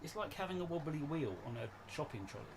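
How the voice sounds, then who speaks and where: A man's voice: on the high side, lively intonation, fast, creaky, background noise. A man hosting a casual live stream from his shed, rambling and chatty, often laughing as he talks. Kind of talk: casual chat. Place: home shed.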